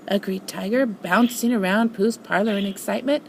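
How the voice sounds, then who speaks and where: An older woman, a grandmother, reading a storybook aloud in an expressive, animated way. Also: medium pitch, normal speed, creaky, few pauses, a little hiss or hum, rough recording.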